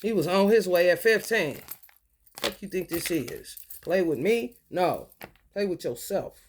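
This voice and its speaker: A woman in a profane, confrontational spiritual monologue, swinging between low mutters and loud outbursts. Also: lively intonation, measured pace, background noise. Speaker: vlogger.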